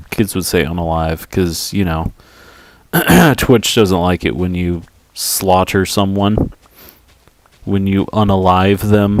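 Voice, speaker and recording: A man's voice: sits low, no room sound. A man livestreaming a game, chatting casually in a goofy, rambling, self-mocking way. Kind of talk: casual gaming commentary.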